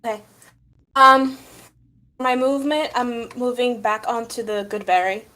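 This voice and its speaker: Female player, somewhat high voice, easygoing delivery dotted with fillers. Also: fairly even intonation, unhurried, pushed and bright, poor audio. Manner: casual, frequent ums, joking. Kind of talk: casual tabletop play.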